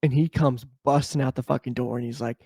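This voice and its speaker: A man co-hosting a casual podcast over a video call, telling stories with lots of laughter and acting out the people in them in high voices. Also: fairly even intonation, a little fast, mellow, dry recording, studio quality. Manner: laughing storyteller who acts out quoted people in high voices. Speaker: podcast co-host. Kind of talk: casual chat.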